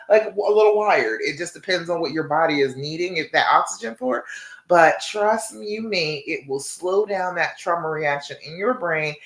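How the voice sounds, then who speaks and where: A woman relationship coach giving a live-stream talk, encouraging her listeners, often checking in with "okay?" and guiding them through slow counted breathing. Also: medium pitch, fairly bright tone, reverberant. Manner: encouraging, checks in with frequent "okay?" and "all right?"; slow guided counting during breathing exercise.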